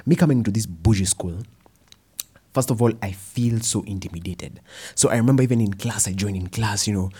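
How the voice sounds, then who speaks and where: A young man with a Kenyan accent giving a personal storytelling talk, animated and slipping Swahili phrases into his English. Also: fairly low pitch, fairly quick, slightly rough. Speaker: speaker.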